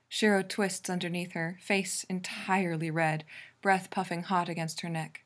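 Woman narrating a story, low-pitched. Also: flat delivery, moderate pace. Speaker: reader. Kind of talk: reading fan fiction aloud.

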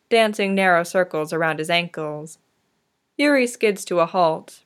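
A woman narrating a fan-fiction story in a gentle, tender manner. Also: on the low side.

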